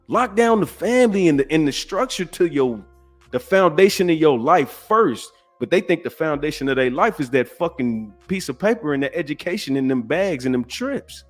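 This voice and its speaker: Blunt forty-something male podcast host, profane rant, fairly high-pitched, faint music underneath. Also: expressive, normal speed. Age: 40s. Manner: blunt, profane, swings from loud outbursts to low sighing. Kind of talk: ranting commentary.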